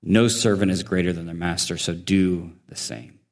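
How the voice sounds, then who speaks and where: A man preaching voices a calm, grave male teacher, speaking low, slow and soft, in a church hall with long reverb. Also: vocal fry. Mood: solemn.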